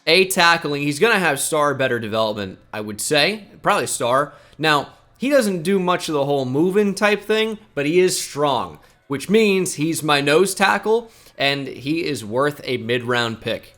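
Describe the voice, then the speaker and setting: A man's voice: fairly high pitch, expressive, normal speed, pushed and bright. A man giving casual, chatty commentary while playing a football management game, thinking aloud and joking at his own expense. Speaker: gaming YouTuber.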